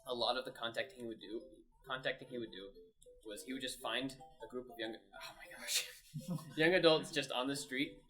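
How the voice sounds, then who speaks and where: A man's voice: mid-range voice, moderate pace, soft background music, rough recording. A young man telling casual stories with frequent laughter while playing a game with a friend. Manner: animated, laughs often. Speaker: co-host and game player. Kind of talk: casual storytelling while gaming.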